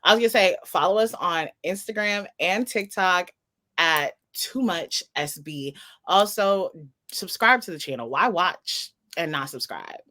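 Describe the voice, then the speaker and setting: A woman's voice: lowish voice, expressive, unhurried, pushed and bright. Blunt, jokey woman podcast co-host. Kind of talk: casual chat.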